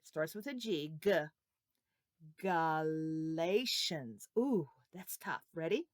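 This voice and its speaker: A woman teaching a children's Sunday school lesson, talking slowly and playfully, coaxing the kids to repeat after her. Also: mid-range voice, lively intonation, darkish tone, no echo, clean studio sound.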